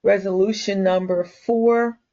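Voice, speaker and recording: Casting: woman committee chair, hoarse and fading voice, formal reading of agenda items, muffled lo-fi meeting recording. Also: medium pitch, steady tone, a little slow, dark tone. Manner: formal, reads procedure aloud. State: losing her voice, clearing throat. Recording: dull lo-fi meeting audio.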